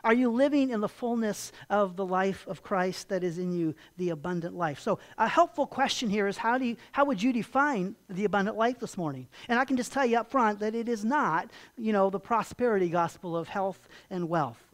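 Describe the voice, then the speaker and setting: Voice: medium pitch, a little fast, few pauses. An emphatic pastor preaching a sermon. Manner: emphatic, asks the congregation rhetorical questions; repeats key phrases, frequent restarts.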